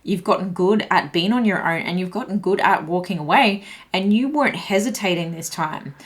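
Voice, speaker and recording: A woman's voice: fairly low pitch, moderate pace. A woman doing an intuitive tarot reading, slightly breathless with a shaky voice, musing and searching for words as she turns the cards. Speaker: tarot reader.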